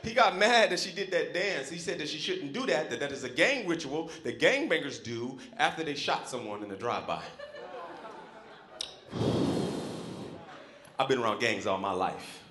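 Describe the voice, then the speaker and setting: A man from South Central Los Angeles doing a loud, animated stand-up set, acting out characters. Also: fairly high pitch, a little slow, long pauses, roomy sound. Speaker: stand-up comedian. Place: comedy club stage. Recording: live club crowd noise. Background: laughing club audience.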